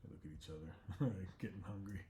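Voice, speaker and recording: A man casually retelling an animated scene he storyboarded, in a loose, relaxed way with offhand asides. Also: low-pitched, fast, a little hiss or hum. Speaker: storyboard artist. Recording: echoey room.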